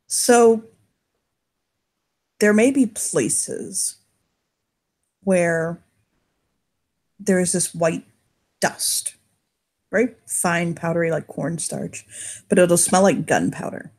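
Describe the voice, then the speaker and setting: A man's voice: high voice, very slow, long pauses, exaggerated voice. A woman voicing a laid-back male poisoner with a wolfish grin, talking in a wry, offhand drawl. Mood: curious.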